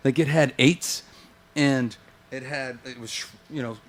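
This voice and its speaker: Male guest musician, lively anecdote teller, casual and profane, average pitch. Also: unhurried. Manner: animated anecdotes, acts out quoted voices, swears. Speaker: guest guitarist. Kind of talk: casual storytelling chat.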